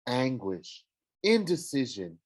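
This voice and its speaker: A man's voice: mid-range voice, sing-song, slow, breathy edge, exaggerated voice. A man doing Aphrodite, a gushing love goddess. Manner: gushing, theatrical, sing-song. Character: swooning, dramatic goddess of love, woman. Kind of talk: audiobook character voice.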